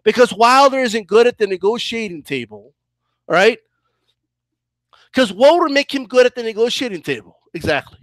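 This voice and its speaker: Ranting, high-voiced man. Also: lively intonation, normal speed, no echo. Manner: combative, profane, repetitive ranting. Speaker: boxing commentator. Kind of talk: heated reaction commentary.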